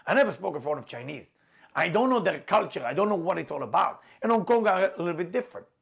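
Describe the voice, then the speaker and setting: Middle-aged man lecturing a class, slightly high voice, emphatic and repetitive with non-native phrasing. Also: expressive, fast, gravelly, a bit bright. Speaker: spiritual teacher.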